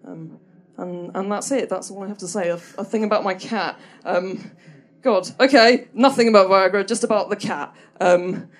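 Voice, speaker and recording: A woman's voice: medium pitch, moderate pace. A woman telling a stand-up story in a hesitant, self-deprecating way, full of ums and restarts. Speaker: comedian.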